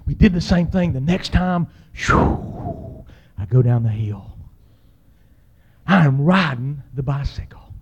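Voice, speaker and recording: A man telling a humorous personal story, acting out the people in it and yelling out the exciting parts. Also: fairly high pitch, measured pace, long pauses, a little hiss or hum. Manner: animated, acts out voices and yells.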